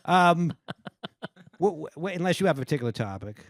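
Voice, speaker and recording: Lively-pitched podcast host man. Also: no echo. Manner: halting, restarts, dry quips. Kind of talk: casual podcast chat.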